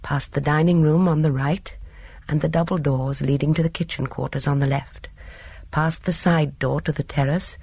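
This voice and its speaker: Audiobook narrator, gravelly and husky, dry close-mic read. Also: medium pitch, no echo. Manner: steady, measured storytelling. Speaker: audiobook reader. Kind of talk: scripted narration.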